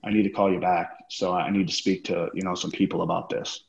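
A man's voice: sits low, flat delivery, fairly quick, vocal fry. A man, a former wrestler as podcast guest, telling a profane story and acting out what others said. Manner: profane, acts out quoted dialogue. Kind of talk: casual storytelling interview. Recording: roomy, dull lo-fi sound.

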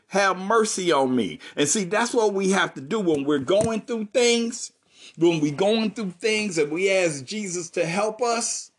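A man's voice: sits high, husky. A man who is a pastor preaching a sermon in a folksy way, reading scripture aloud and putting questions to his congregation.

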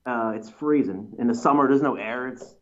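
A man's voice: medium pitch, moderate pace. Male pro wrestler, casual interview, meandering storyteller with fillers; slightly dull recording. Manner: rambling storyteller, many fillers and restarts. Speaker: pro wrestler, tag team champion.

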